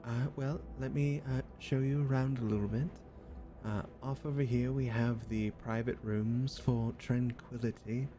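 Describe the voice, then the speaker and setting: A man's voice: mid-range voice, steady tone, moderate pace, close to an everyday voice. A man voicing a courteous elven woman who works at a spa, showing guests around with rambling tour-guide patter. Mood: welcoming.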